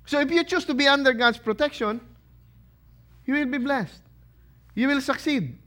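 A pastor preaches with a high, ringing voice. He keeps tossing questions to his listeners and punching out the answers himself, with plenty of emphasis. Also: normal speed, fairly bright tone. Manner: asks the congregation questions and answers them. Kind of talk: sermon.

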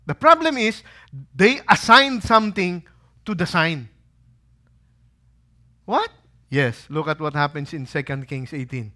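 A man preaching a sermon with a bright, forceful voice pitched a little above most men's. He keeps asking his listeners questions and answers them himself. He acts out quotes as he goes. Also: measured pace, long pauses. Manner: lively preaching, rhetorical questions, acted quotes. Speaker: pastor. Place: holy site visit.

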